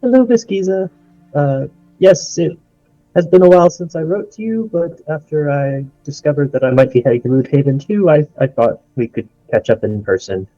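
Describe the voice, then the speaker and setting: A man voicing a polite young female scholar adventurer who speaks in a slightly halting way. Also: fairly high pitch, warm tone, no room sound, soft background music, voice pushed up, natural voice. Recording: dull lo-fi recording, dry.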